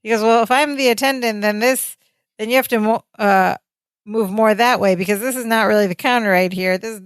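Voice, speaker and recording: A woman's voice: fairly high pitch, fairly even intonation, brisk, clean tone, dry recording, studio quality. A woman co-hosting a podcast in casual chat, retelling scenes and quoting the dialogue. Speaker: podcast co-host. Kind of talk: casual chat recapping a sitcom episode.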